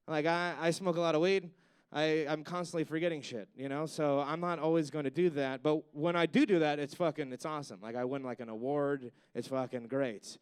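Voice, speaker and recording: A man's voice: fairly high pitch, brisk, clear, resonant tone. A man doing a stand-up comedy set on stage, rambling and swearing, with lots of "like" and "you know.".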